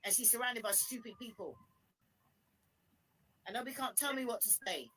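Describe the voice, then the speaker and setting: A woman calling into a livestream, forceful and indignant as she repeats her points in a heated rant. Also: fairly high pitch, expressive, moderate pace, a little hiss or hum, poor audio. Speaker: livestream guest.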